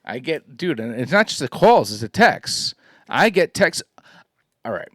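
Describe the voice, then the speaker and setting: A man's voice: mid-range voice, big pitch swings, unhurried, a bit bright, dry recording, studio quality. A man co-hosting a podcast in casual chat, agreeable and inclined to repeat himself. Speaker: podcast co-host.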